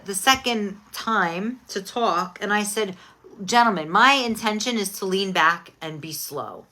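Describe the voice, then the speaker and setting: Bright, chatty woman host. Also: medium pitch. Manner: chatty, expressive, candid. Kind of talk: casual chat.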